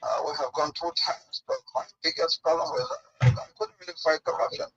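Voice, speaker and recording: A man doing an impression of a female former president, speaking in a measured, reflective way. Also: on the high side, a bit bright, muffled recording.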